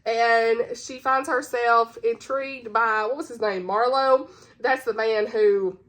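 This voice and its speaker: A woman's voice: on the high side, steady tone, takes it slowly, a bit bright. A woman hosting her own channel, chatting casually and bubbly about books she recommends, giggling often. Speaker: book reviewer, channel host. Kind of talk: casual book-recommendation chat.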